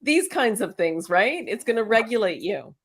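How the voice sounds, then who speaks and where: A woman's voice: mid-range voice, expressive, normal speed, slightly rough. A woman hosting a casual spiritual self-help talk, chatty and encouraging, firing off strings of rhetorical questions and laughing often. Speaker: host.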